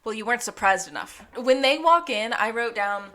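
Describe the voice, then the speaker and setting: A woman with a slightly high voice co-hosts a casual rewatch podcast at normal speed. She animatedly recaps scenes, acts out the characters' lines, and laughs often.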